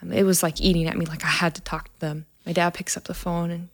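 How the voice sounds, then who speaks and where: A woman's voice: fairly low pitch, flat delivery, quick pace. A woman, a trauma nurse, telling a personal story in an earnest way and acting out the dialogue.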